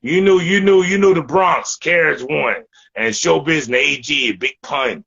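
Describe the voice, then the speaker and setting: A man's voice: on the high side, normal speed, creaky, a bit bright, husky, highs cut off. A man from New York with a New York accent, chatting bluntly and profanely in a casual hip hop interview, often repeating words.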